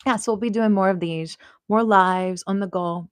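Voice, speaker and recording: A young woman hosting a casual home livestream, chatting playfully and drifting into soft murmurs, recorded on a small clip-on mic. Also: on the low side, steady tone, normal speed, no room sound. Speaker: host.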